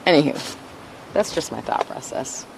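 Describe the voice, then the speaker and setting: Outdoors in and around her car, a weary woman livestreams, rambling and breaking off her own thoughts while sometimes drifting away from her clip-on mic. Her low voice is expressive and creaky at a moderate pace, with background noise behind it.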